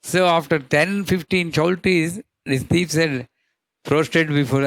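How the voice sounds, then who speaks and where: Gravelly male spiritual teacher. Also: fairly high pitch, steady tone, no echo. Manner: explains slowly, drawing out chanted Sanskrit names. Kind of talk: devotional teaching talk.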